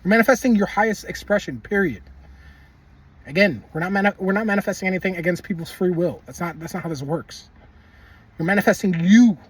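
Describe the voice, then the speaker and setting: A man's voice: sits high, a little fast, breathy edge, distant mic. A man giving casual, emphatic motivational talk, repeating himself and swearing bluntly. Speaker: manifestation video creator.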